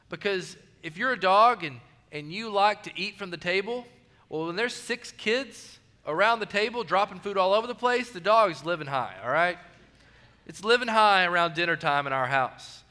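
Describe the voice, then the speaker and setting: Male pastor, animated sermon delivery, high voice, reverberant hall. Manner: animated storytelling, emphatic pauses.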